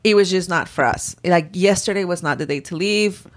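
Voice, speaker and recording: A woman in casual chat, telling a story in an animated way and acting out the people she quotes. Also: fairly low pitch, normal speed.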